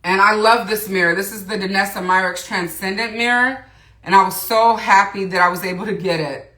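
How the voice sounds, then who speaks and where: A chatty woman talks through her makeup on a livestream, greeting viewers and reading their comments as she goes. Her voice is bright and clear, and the room around her sounds roomy and echoey. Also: mid-range voice, fairly even intonation, brisk. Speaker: beauty livestream host. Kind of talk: casual makeup tutorial livestream. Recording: roomy echo.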